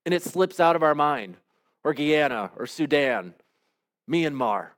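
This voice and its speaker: A man preaching a sermon as pastor, in measured, emphatic phrases. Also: fairly high pitch, lively intonation, a bit bright.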